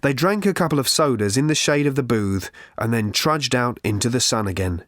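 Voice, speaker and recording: A man narrating an audiobook in a measured, wry storytelling manner. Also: mid-range voice, expressive, a bit bright, no room sound, clean studio sound. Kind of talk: scripted narration.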